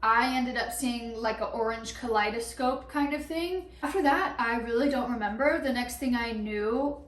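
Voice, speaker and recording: A young woman telling a story in a casual vlog, chatty and animated, with lots of "like" and quick laughs. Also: a little high, distant mic. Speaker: vlogger. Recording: echoey room, a bit off-mic.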